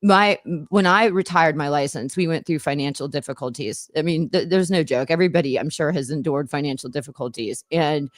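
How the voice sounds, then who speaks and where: A woman's voice: low voice, brisk, hardly any pauses, dry recording, clean studio sound. A middle-aged woman, a former attorney hosting a podcast, tells stories in casual chat, meandering and often laughing mid-sentence.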